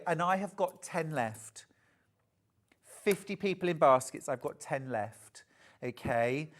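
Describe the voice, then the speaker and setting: A man hosting a live TV shopping sale, chatty and gushing, reading out viewers' messages and calling them darling. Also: fairly high pitch. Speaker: shopping channel host. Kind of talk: live TV shopping sales pitch.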